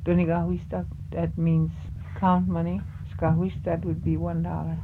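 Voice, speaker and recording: A woman teaching words of a language, saying each one slowly and more than once, then explaining what it means. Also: fairly low pitch, level tone. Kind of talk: teaching vocabulary, slow repeated words. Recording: tinny phone-like lo-fi recording with hiss.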